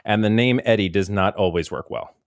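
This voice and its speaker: A man's voice: on the low side, a little fast, no echo, studio quality. A man co-hosting a podcast, playful and joking, stammering a little when flustered. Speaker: podcast co-host. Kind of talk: casual chat.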